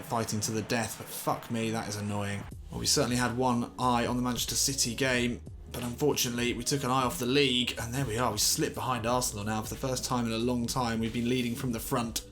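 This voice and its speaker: A man commentating on his own football video game session, excitable and swearing, shouting when things go wrong. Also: medium pitch, brisk, soft background music. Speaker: gaming commentator.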